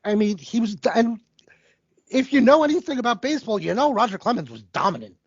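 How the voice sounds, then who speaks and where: A man's voice: very high voice, big pitch swings, fast talker, slightly rough, dry recording. A man in his forties co-hosting a casual sports podcast, cursing freely and rattling off statistics. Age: 40s. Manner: profane, rattles off stats. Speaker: podcast co-host. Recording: dull lo-fi dry recording.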